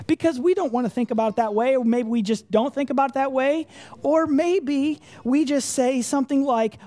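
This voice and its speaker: A woman's voice: high voice, a little fast, warm tone. A woman preaching a sermon to a congregation, conversational and emphatic, using rhetorical questions and repetition. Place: church congregation room.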